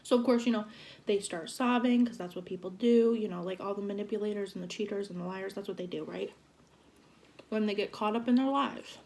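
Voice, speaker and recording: A young woman in her twenties telling a storytime vlog in an animated, exasperated way. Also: medium pitch, a little fast, creaky. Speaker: vlogger. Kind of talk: storytime vlog while eating.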